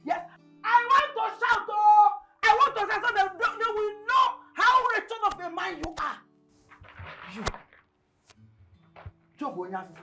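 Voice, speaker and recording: An actress with a Nigerian accent playing a bitter wife who mocks and shouts at her sick, broke husband, with soft music under her. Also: on the high side, creaky, full character voice. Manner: shouting, mocking, scornful. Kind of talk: film drama acting.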